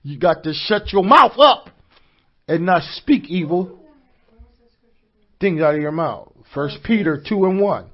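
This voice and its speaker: A man preaching a sermon, calling to the congregation for responses and rising to shouts. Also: sits high, expressive, unhurried, long pauses, muffled recording. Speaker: pastor.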